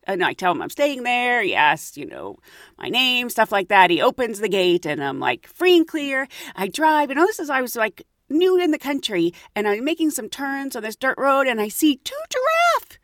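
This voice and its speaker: A woman's voice: on the high side, wildly swooping pitch, normal speed, a bit bright, no echo, studio quality. A woman casually telling a travel story, acting out the voices of the people in it and laughing often.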